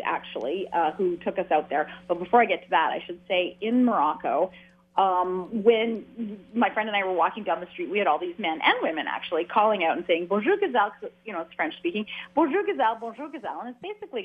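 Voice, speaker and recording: A chatty woman from Canada, telling her story in a loose, rambling way and often restarting her sentences. Her voice comes through a thin, phone-like line that cuts off the lows and highs. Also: breathy edge. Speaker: author and guest. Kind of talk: casual interview conversation.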